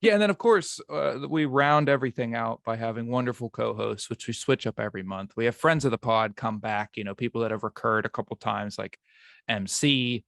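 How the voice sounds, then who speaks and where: A man's voice: mid-range voice, a little fast, gravelly, fairly bright tone, no echo, studio quality. A man hosting a podcast in casual chat, rambling and stumbling over his words. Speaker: podcast host.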